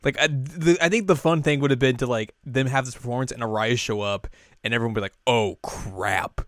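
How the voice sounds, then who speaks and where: A young man co-hosting a casual podcast, recapping an anime in a rambling, animated way and now and then jumping into high character voices. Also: fast, clear, resonant tone, no room sound, studio quality. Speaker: podcast co-host.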